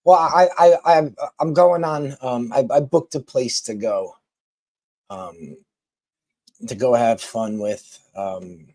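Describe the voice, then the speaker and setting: A man's voice: mid-range voice, takes it slowly, darkish tone, no room sound. A man chatting casually with viewers on a live stream, rambling with lots of ums and restarts.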